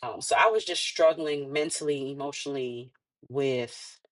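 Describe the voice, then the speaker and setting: A woman in her thirties, a podcast guest, telling a personal story in casual chat, animated and laughing often as she acts out what others said. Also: extremely low pitch, normal speed.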